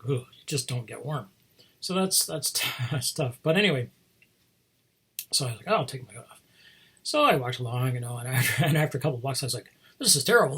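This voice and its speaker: Husky chuckling man rambling on. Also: mid-range voice, fairly bright tone. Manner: rambling, chuckling often, trailing off into asides. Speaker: host showing toy figures. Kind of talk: casual chat.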